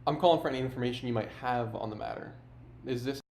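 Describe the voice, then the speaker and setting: A man's voice: mid-range voice, fast, a little mellow, a little hiss or hum. A man narrating his own video and making phone calls, earnest and a bit confrontational.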